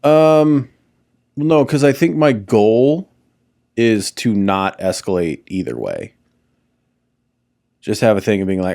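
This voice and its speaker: A man's voice: lowish voice, expressive, moderate pace, vocal fry, pauses often, warm tone. A man co-hosting a podcast, talking in a blunt, matter-of-fact way and swearing casually. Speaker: podcast co-host. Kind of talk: casual chat.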